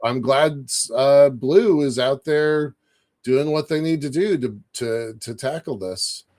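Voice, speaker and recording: Male co-host; relaxed, enthusiastic casual banter. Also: mid-range voice. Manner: enthusiastic, easygoing, quick agreeing replies. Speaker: podcast co-host. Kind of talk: casual chat.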